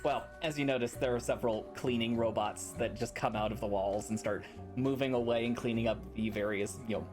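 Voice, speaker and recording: A man narrating as game master in a relaxed, rambling way. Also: mid-range voice, a little fast. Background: music.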